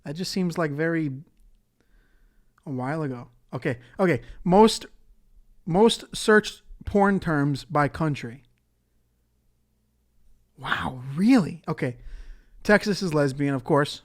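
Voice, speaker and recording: A man's voice: on the high side, expressive, slow, pauses often. A man hosting a solo podcast in a casual, rambling way, swearing and laughing often. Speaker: podcast host.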